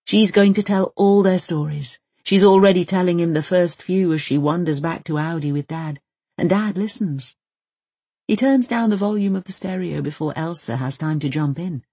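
An expressive audiobook narrator reading a novel in a measured storytelling voice. The tone is somewhat husky, and the recording is close and dry with no room sound. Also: medium pitch, dry recording. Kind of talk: scripted narration.

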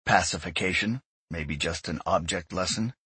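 Guy reading a bitter space commander, quiet and flat, dry close sound. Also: low voice, moderate pace, breathy edge, no echo, voice pushed down, heavily acted. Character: grim, bitter male fleet commander.

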